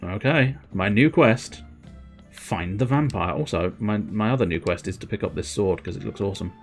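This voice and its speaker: A man's voice: on the low side, normal speed, faint music behind. A young man commenting on his own gaming livestream, making sweary, joking asides. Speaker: streamer.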